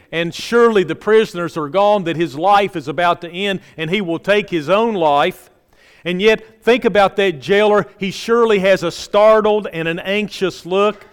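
Male pastor, fairly high, smooth clear voice, earnest and repetitive, church with long reverb. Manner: earnest preaching, repeats phrases for emphasis, drops low and soft at line ends. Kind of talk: sermon. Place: church sanctuary.

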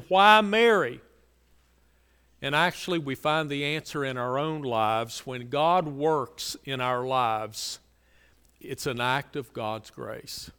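A fairly high-voiced man preaching in a church sanctuary, his words ringing with a long reverb. His tone is smooth and resonant, and he repeats key phrases for emphasis before falling to quiet, low lines. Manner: earnest preaching, repetitive emphasis, drops to soft low lines. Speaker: pastor. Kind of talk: sermon.

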